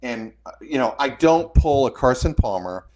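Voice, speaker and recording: Male podcast co-host, mid-pitched, measured and punchy delivery. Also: expressive, a little mellow, faint music behind. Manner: measured, punchy, firm declarations. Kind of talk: casual sports talk.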